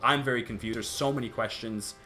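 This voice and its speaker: A young man hosting a casual chat, animated, tripping over restarts and laughing between points. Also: medium pitch, a little fast, faint music behind. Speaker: youtube host.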